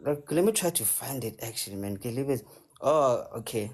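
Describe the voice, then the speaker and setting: A man's voice: mid-range voice, expressive, a little fast. A South African man hosting a live stream in a rambling, playful way, sliding between languages and slang. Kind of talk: casual live-stream chat.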